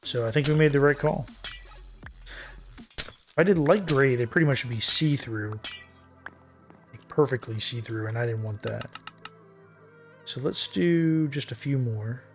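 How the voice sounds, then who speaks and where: A man streaming a building game, thinking aloud in a relaxed, muttering way as he works. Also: mid-range voice, unhurried, pauses often, soft background music. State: hiccuping. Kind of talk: casual game commentary while building.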